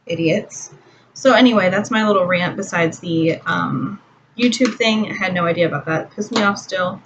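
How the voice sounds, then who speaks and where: Her voice on the low side and her pace normal, a young woman talks through a makeup tutorial in a room at home. The vlogger's irritated, profane rant is packed with fillers, and the home recording is distant, dull, and lo-fi with faint hiss.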